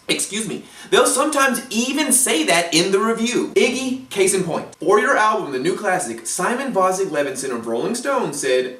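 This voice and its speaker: A man's voice: high-pitched, big pitch swings, moderate pace, few pauses, fairly bright tone. A man delivering a blunt, profane, sarcastic opinion rant to camera. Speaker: commentary vlogger. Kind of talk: ranting opinion monologue. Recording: echoey room, mic set at a distance.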